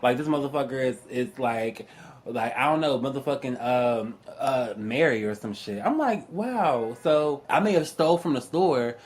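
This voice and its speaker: A man's voice: mid-range voice, normal speed. A young man telling stories in a casual, profane rant, often laughing and mimicking other people's voices. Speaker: astrology YouTuber.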